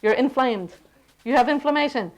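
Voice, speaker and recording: Woman lecturer, slightly high voice, lively and playful with her class. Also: moderate pace. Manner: lively, playful, checks in with "okay?" often. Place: university classroom.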